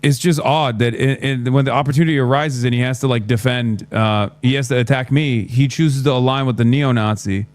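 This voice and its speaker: A man's voice: mid-range voice, fairly even intonation, brisk, few pauses, no echo. A man doing livestream commentary, blunt and sarcastic, often swearing. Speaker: streamer.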